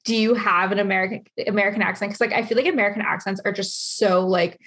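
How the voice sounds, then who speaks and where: A woman's voice: medium pitch, steady tone, fast talker, fairly bright tone. A woman hosting a casual interview, chatty and rambling, saying "like" constantly. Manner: chatty, rambling, heavy use of "like". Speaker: interview host.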